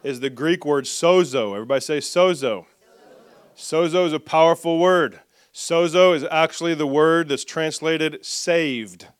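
A man preaching a sermon, reading scripture aloud and leading the congregation in call-and-response, with soft asides. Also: fairly high pitch, normal speed, clean tone, dry recording. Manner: lively, drops soft for asides. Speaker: pastor.

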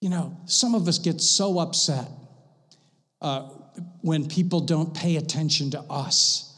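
High-voiced man preaching in a reverberant hall. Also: measured pace. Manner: impassioned preaching, swings from loud to hushed. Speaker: pastor. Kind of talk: sermon. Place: church sanctuary.

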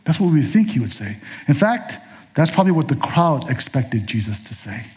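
A man's voice: medium pitch, big pitch swings, normal speed, a little mellow. A male pastor delivering a sermon in a conversational way, with casual asides.

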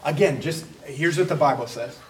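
Man preaching, slightly high voice. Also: distant mic, a little hiss or hum. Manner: conversational preaching with quick acted asides. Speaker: pastor. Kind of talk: sermon.

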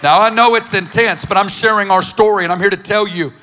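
A male preacher tells a story in a high, bright voice. He speaks emphatically and builds his points into passionate lists. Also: steady tone, fairly quick, hardly any pauses, some chatter behind. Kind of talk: sermon storytelling.

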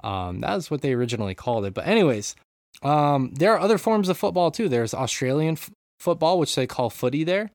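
A man's voice: a little high, very animated, fairly quick, a little mellow, no echo, studio quality. A man co-hosting a podcast in casual chat, talking at length and often apologising. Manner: apologetic, chatty, explaining at length. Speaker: podcast host. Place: home room in a city with street protests outside. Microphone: remote call, mutes mic.

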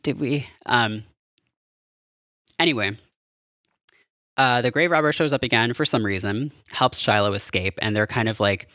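A man's voice: lowish voice, moderate pace, long pauses, pushed and bright, no room sound, clean studio sound. A man casually recapping a film as a podcast host, rambling and amused with lots of fillers. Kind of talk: casual chat.

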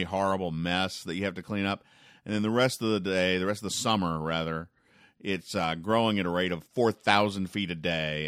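A man with a very low, deep voice rambles through the weekend funnies with a dry, sarcastic wit. He trips over his words and leans on fillers as he goes. The sound is close and dry, with no room around it. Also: a bit bright, dry recording. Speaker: comics reviewer. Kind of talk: casual spoken commentary.

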